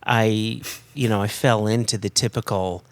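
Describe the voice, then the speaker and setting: A man's voice: fairly low pitch, fairly even intonation, moderate pace, no echo. Playful Connecticut man hosting a podcast. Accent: American, Connecticut. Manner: playful, joking. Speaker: podcast host. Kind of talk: casual chat.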